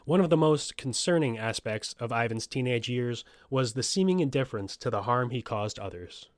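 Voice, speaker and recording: A man's voice: mid-range voice, animated, moderate pace, no room sound. A man hosting a true crime podcast, reading a script and breaking off into joking, profane asides. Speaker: podcast host.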